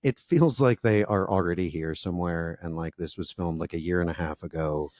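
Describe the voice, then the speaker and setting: A man co-hosting a podcast, recapping a reality show in a sarcastic, animated way with frequent laughs. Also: sits low, brisk, dry recording, studio quality. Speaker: podcast co-host. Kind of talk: casual recap chat.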